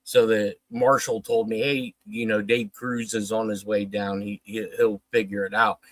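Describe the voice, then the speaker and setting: In a lower voice at a moderate pace, a man spins a long, profane story on a livestream, animatedly performing each quoted line. The sound is rough but has no echo.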